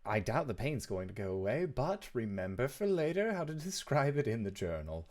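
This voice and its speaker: A man voicing a weary male adventurer in a tabletop game, speaking in a slow, low-key way. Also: very animated, darkish tone, natural voice. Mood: resigned.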